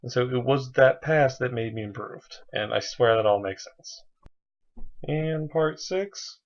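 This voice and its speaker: A young man talking straight to the camera, earnest and a bit rambling, circling back on his own thoughts. His voice sits at an ordinary middle pitch. The sound is slightly dull and lo-fi. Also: a little slow. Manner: rambling and earnest, many fillers. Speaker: vlogger. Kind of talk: casual video diary.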